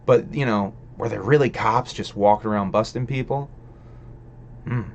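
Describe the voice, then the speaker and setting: In a muffled recording with a little hiss or hum, a man with a somewhat low, gravelly voice hosts a casual livestream at a moderate pace. He swears a lot, leans on filler, skips from thought to thought, and answers his viewers' chat messages as he talks.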